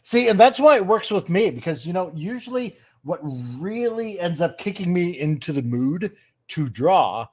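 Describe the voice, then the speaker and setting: A man's voice: high voice, big pitch swings, moderate pace, darkish tone, husky. A man chatting as a podcast guest, eager and stumbling over restarts and fillers. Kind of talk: casual chat.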